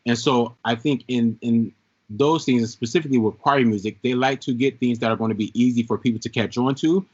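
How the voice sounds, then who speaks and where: A man in a podcast chat, explaining his view in an earnest, steady way. His voice is mid-pitched, and the sound is dull and lo-fi. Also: fairly quick. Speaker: podcast co-host. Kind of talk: casual chat.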